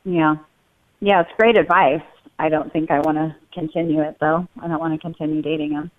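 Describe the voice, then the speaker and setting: A woman's voice: low-pitched, fairly even intonation, a little fast. A woman calling in to a talk show, speaking hesitantly and repeating words. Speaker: caller. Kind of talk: call-in conversation. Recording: tinny phone line.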